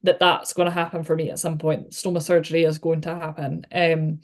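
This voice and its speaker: A woman's voice: low-pitched, little pitch movement, fairly quick. A Scottish woman in her thirties, a podcast guest, talking casually and chattily with lots of likes and you-knows. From Scotland. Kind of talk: casual chat.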